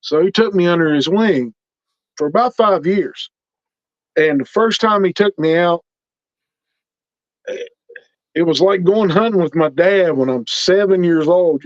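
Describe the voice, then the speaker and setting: A middle-aged man with a high-sitting voice speaks unhurriedly and pauses often while sharing his experiences as an interview guest. He's animated, acting out others' dialogue in every exchange of his casual stories. The recording is dry, dull, and lo-fi.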